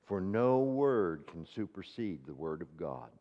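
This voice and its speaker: A man preaching a sermon, asking the congregation rhetorical questions and swinging between hushed, near-whispered passages and loud, ringing declarations. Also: big pitch swings, unhurried. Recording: reverberant hall, dull low-fidelity sound.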